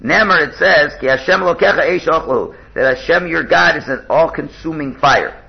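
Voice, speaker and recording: A man's voice: fairly high pitch, expressive, moderate pace, creaky. Man teaching a text, dull lo-fi sound. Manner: restarts and repeats words, glosses Hebrew terms in English. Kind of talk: text-study lesson with stories.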